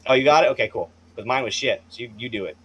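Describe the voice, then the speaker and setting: A man narrating as game master of a tabletop game, animated and swearing freely. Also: mid-range voice, very fast, slightly rough.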